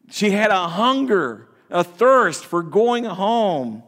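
A man's voice: high voice, big pitch swings, slow, a bit bright. A man preaching a sermon as a pastor, talking conversationally, restarting words and asking the congregation questions. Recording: long hall reverb.

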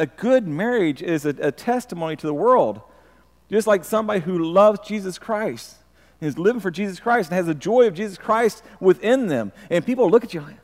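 A man's voice: sits high, fairly quick, a little mellow. A middle-aged man preaching a sermon earnestly, often restarting and stumbling over his words. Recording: long reverb of a large hall.

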